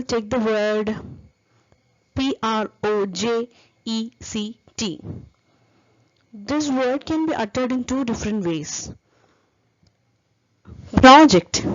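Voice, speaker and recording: Lecturing woman with a high voice. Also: darkish tone, dull audio. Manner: explanatory, spells words out and gives examples. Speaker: English teaching lecturer.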